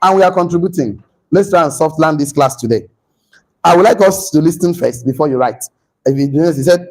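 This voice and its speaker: A man lecturing a class, animated, repeating himself and putting questions to the room. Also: on the high side, fairly quick, rough recording.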